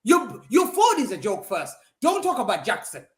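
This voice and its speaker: Animated ranting football pundit, high lively voice. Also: male voice, moderate pace. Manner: animated, mocking, emphatic repetition. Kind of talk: heated football fan talk show rant. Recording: roomy echo.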